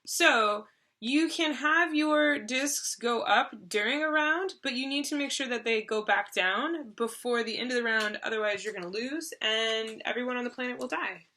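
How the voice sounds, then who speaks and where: A woman's voice: on the high side, moderate pace, bright, forceful tone. A woman co-hosting a board game video, casually explaining the rules with lots of fillers and restarts. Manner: chatty, loose with fillers and restarts.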